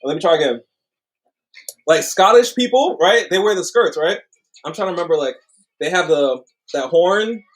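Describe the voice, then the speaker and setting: A man's voice: on the high side, expressive, brisk, low-quality recording. A young man co-hosting a casual livestream chat, rambling and apologetic, laughing often. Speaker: livestream co-host.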